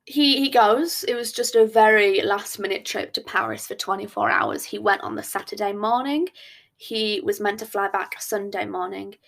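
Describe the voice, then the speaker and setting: A woman, hosting a podcast and telling a story in a chatty, expressive, self-mocking way. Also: medium pitch, moderate pace, vocal fry. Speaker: podcast host. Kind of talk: casual storytime chat.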